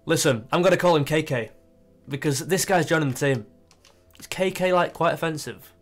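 A young gaming YouTuber gives casual, excitable commentary on his football management game, thinking out loud along the way. His voice is a little high for a man, at a moderate pace, with faint music underneath.

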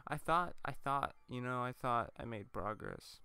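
A man's voice: medium pitch, lively intonation, unhurried, sharp tone, smooth, no room sound, faint music behind. A young man commentating a video game let's play, rambling, swearing often and getting easily frustrated.

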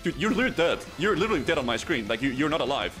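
A man streaming a video game match, commenting excitedly with stammered restarts and sudden laughing yelps. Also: fairly high pitch, very fast, soft background music. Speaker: streamer playing arena matches.

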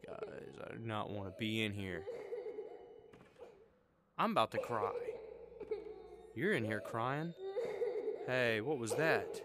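A man's voice: fairly low pitch, takes it slowly, pauses often. Jumpy young man gaming. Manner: jumpy, nervous chatter to game characters, bursts of repeated "hey". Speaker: gaming video host. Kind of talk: horror game commentary.

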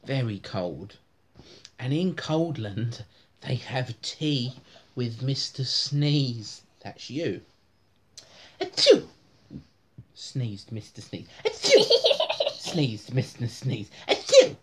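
A woman's voice: a bass voice, slow pace. A woman reading a bedtime story aloud to her children at home, often breaking into laughter as she reads.

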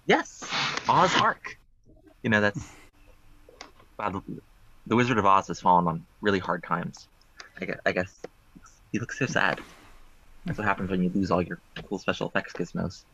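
A low-voiced man presents puzzles in a rambling, playfully deadpan way, his tone bright and forceful. He comes through a muffled, lo-fi remote call. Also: moderate pace, long pauses, a little hiss or hum. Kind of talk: joking puzzle game on a talk show.

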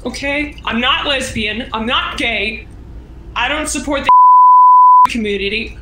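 A woman's voice: on the high side, measured pace, very noisy. A woman on a live stream, defensive and irritated, snapping back at people trolling her. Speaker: streamer being raided.

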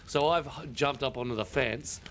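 A man's voice: mid-range voice, moderate pace, fairly bright tone. A man with an Australian accent telling a story over game voice chat, swearing constantly. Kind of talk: casual voice chat while gaming.

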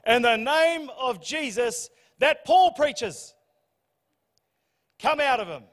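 A man's voice: very high voice, animated, slow, a bit bright, heavily acted. A pastor voicing a brash, self-assured male exorcist brother who talks with businesslike bravado, in a reverberant church hall. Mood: cocky.

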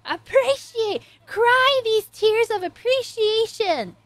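A woman reacting to an anime, talking to the characters on screen and swinging between loud cheering and soft, sympathetic murmurs. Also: very high-pitched, expressive, slow, dry recording. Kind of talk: emotional anime reaction commentary.

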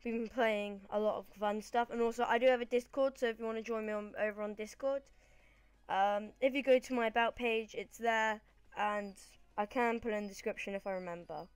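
A woman's voice: on the high side, fairly even intonation, fairly quick, clean tone, no room sound. Chatty British woman narrating gameplay. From Britain. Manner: chatty, rambling, self-correcting. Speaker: gaming channel host. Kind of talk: casual gameplay commentary.

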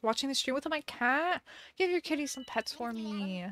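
A woman's voice: high voice, animated, normal speed, a little hiss or hum. A young woman streamer in casual chat, giggly and talkative, reading out viewer messages. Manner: chatty, giggly, reads viewer messages aloud. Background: soft music.

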